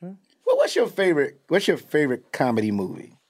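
Animated man hosting a podcast. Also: a little high, fairly quick. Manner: animated, slangy, profane storytelling. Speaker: podcast host. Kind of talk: casual podcast chat.

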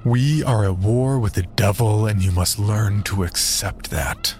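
A man's voice: fairly low pitch, unhurried, a little mellow, slight background noise, lightly acted. A man voicing an icy, pious priest who justifies killing in scriptural language, in a horror story reading. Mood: cold. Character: cold, pious old male priest, menacing.

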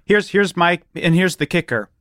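Goofy male co-host, smooth clear voice, dry close sound. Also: high-pitched, expressive, normal speed, a bit bright, no echo. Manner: goofy, reads out what he types. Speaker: podcast co-host. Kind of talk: comedic banter.

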